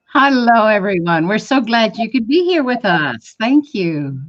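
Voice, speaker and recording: A woman co-hosting a live online show, chatting in a relaxed way. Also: fairly high pitch, unhurried. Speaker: co-host. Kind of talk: casual live show chat. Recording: dull lo-fi web stream audio.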